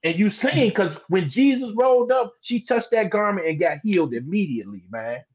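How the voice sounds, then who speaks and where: A man preaching scripture in an easy, colloquial way on a live stream, stretching words out to make his point. His voice sits high and sounds a bit husky. The audio is dull and lo-fi. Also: animated, moderate pace, a little mellow. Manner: colloquial, emphatic, drawls words for stress. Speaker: teacher in a Bible discussion broadcast. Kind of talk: casual preaching in a live streamed Bible discussion.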